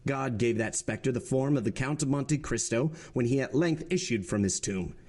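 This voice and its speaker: A man voicing a cold, calm, vengeful nobleman in disguise in a storybook reading, speaking in a measured, solemn way. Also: mid-range voice, close to an everyday voice. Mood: grave.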